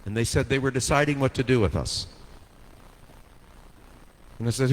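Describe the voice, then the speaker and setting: A man preaching a sermon, telling a story with dramatic swings from hushed to soaring delivery. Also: medium pitch, normal speed, pauses often. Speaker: pastor. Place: church sanctuary. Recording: long hall reverb, faint noise.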